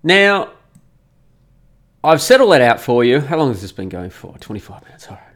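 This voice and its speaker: A man's voice: medium pitch, sing-song, moderate pace, a bit bright. A middle-aged man in a casual monologue, indignant and emphatic, repeating words for effect. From Australia. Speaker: commentator. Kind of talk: casual monologue reading comments.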